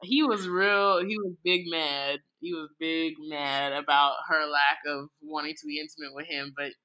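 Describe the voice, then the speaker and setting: A woman's voice: low voice, steady tone, moderate pace, bright, forceful tone, rough recording. A woman guesting on a podcast, talking bluntly and frankly in casual chat.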